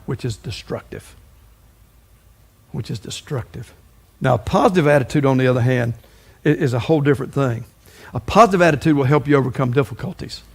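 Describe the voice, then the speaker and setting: Man, pastor preaching, slightly high voice, folksy, stumbles over words. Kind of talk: sermon.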